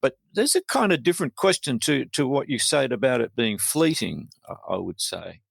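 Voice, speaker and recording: An Australian man with a gravelly, creaky voice, talking in a halting and wry way as a poet guest. He starts and restarts his thoughts often, amused by his own stories. The sound is close and dry. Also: mid-range voice, big pitch swings, no echo. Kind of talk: casual interview chat.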